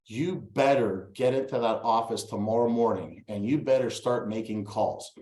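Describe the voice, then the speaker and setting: A man's voice: mid-range voice, moderate pace, a little mellow, natural voice. Pushy male entrepreneur friend, commanding, quoted by a man, echoey room. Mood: insistent. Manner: commanding, insistent.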